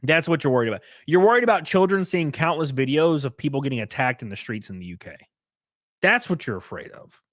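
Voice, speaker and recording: A man's voice: fairly high pitch, animated, fast, fairly bright tone, no room sound, clean studio sound. A man hosting a casual commentary stream, ranting sarcastically and swearing freely. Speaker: streamer host.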